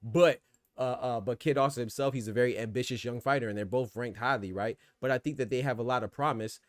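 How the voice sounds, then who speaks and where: A man's voice: medium pitch, fast talker, dry recording, clean studio sound. Slangy man hosting a boxing podcast. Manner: slangy, loose and conversational, reacting to chat. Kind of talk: casual podcast commentary reading live chat.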